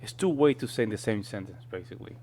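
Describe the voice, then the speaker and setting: A man hosting a reaction video, thinking out loud in a loose, chatty way. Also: lowish voice, lively intonation, fast talker. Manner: thinking aloud, restarts and fillers, chatty asides. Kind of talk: casual reaction commentary.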